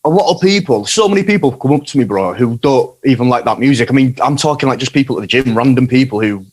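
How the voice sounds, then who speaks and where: Yorkshire guy rattling on fast, sweary and blunt, guest on a podcast. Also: mid-range voice, expressive. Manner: blunt, swears freely, says "man" and "bro". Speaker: band member, guest. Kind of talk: casual podcast chat.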